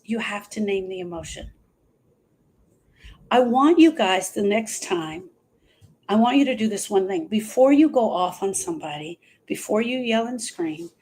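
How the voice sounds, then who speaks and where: A woman's voice: mid-range voice, measured pace, a little mellow, slightly rough. A woman talking earnestly as a grief coach on a live stream, repeating phrases for emphasis.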